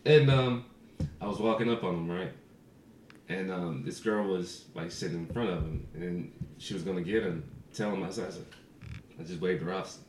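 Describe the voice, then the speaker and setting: A man with a low, somewhat mellow voice co-hosts a podcast at a normal speed, with a little hiss or hum and a roomy echo on the recording. He tells stories in casual chat, swearing freely and laughing often.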